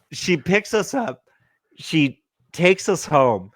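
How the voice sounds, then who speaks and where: A man's voice: high voice, normal speed, no echo. A man in his forties from California, telling a comic story, cursing freely and acting out quotes. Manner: animated, profane, acts out quotes. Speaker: podcast host.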